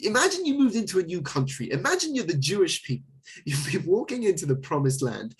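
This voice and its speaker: A male rabbi teaching a Torah class, his husky voice swooping up and down in an animated way. He jokes and exclaims as he works through the sources with his listeners. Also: a little high.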